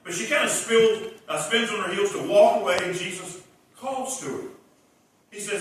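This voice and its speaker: A man preaching a revival sermon, telling the story in an animated way and acting out the characters' lines. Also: high voice, moderate pace. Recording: echoey hall, distant mic.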